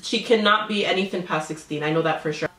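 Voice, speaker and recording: A young woman hosting a casual reaction video, teasing and chatty, often dropping into a low mutter. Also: fast talker, a bit bright, distant mic, slight background noise. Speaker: channel host. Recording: echoey room with music behind.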